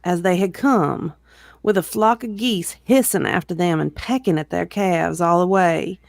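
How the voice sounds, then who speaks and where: Expressive reader narrating a novel aloud. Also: mid-range voice, a little slow, gravelly, dry recording, clean studio sound. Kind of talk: reading a novel aloud with banter.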